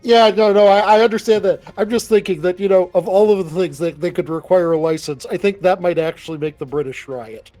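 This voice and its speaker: A man playing a tabletop game, chatty and quick with joking asides. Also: high voice, fairly even intonation, warm tone, soft background music. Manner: chatty, quick, laughing asides, stammering restarts. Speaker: player. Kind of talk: casual tabletop play.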